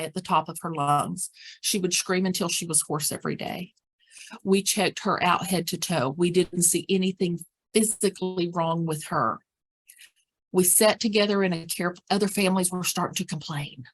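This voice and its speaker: A woman's voice: lowish voice, moderate pace. A woman presenting a dementia care training, speaking practically and repeating words for emphasis. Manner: acts out example phrases and whispers.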